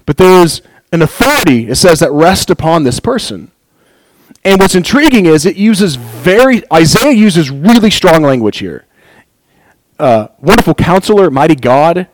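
An earnest, animated man teaches from scripture, reading passages aloud and breaking off to comment with real excitement. His voice sits slightly higher than most men's, and the recording is close and dry, with no room echo. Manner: earnest, animated, chuckles often. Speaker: bible teacher. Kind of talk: bible teaching talk.

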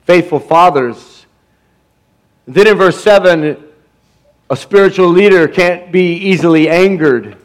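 A man's voice: sits high, unhurried, long pauses. Emphatic male pastor preaching a sermon. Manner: emphatic preaching, stammering restarts, calls for amens.

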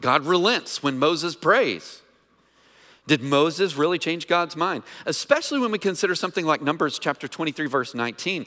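A pastor's sermon comes across as expressive and forceful, his bright voice on the high side at a normal pace, as he talks with and questions the congregation. The recording carries the long reverb of a church hall.

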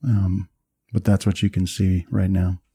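Dark-voiced man running a tabletop game. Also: low voice, flat delivery, breathy edge, no room sound, clean studio sound. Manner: halting, descriptive, many fillers. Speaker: game master.

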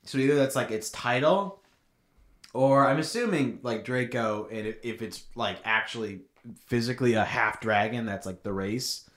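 A man co-hosting a podcast, reading a story aloud and joking between passages, animated and laughing often. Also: medium pitch, moderate pace. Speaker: podcast co-host.

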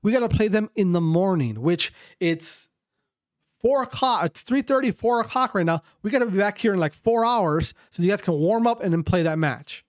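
A man's voice: high-pitched, animated, normal speed, dry recording, clean studio sound. A man casually telling a long story to his viewers, rambling, repeating himself and swearing often.

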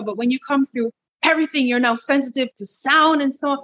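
A middle-aged woman guest in an interview, telling a personal story in a lively, animated way, repeating words as she goes. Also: a little fast, highs cut off. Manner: animated, breaks into high quoted voices, repeats words. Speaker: interview guest, wellness clinic owner.

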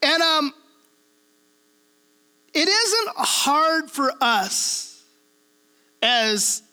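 A woman pastor from the Pacific Northwest delivers a relaxed teaching sermon with a high, bright voice. She talks conversationally and keeps checking in with her listeners. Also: drawn-out words. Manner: casual, checks in with listeners through frequent tag questions.

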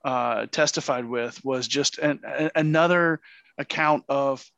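A man's voice: medium pitch, measured pace, gravelly, fairly bright tone, dry recording, muffled recording. A man co-hosting a debate podcast, speaking passionately and repeating words as he builds his point. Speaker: podcast co-host. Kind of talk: casual debate chat.

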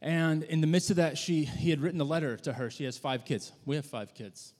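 A man preaching a sermon, telling a story in a conversational, halting way with frequent restarts. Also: on the high side, fairly even intonation, darkish tone. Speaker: pastor. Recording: long hall reverb.

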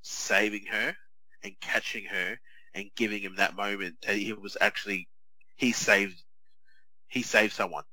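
This is a man, talking on a podcast in a chatty, animated way and restarting his sentences often. His voice is fairly low but very bright and sharp. The sound is dry and close, with no room around it. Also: measured pace, pauses often, dry recording, rough recording. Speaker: podcast co-host. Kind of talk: casual chat.

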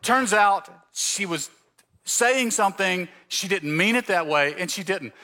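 Male pastor from Mississippi, sermon in a church, slightly high, bright and forceful tone, storyteller. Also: a little slow. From Mississippi Gulf Coast, US. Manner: storytelling, acting out dialogue. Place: church sanctuary.

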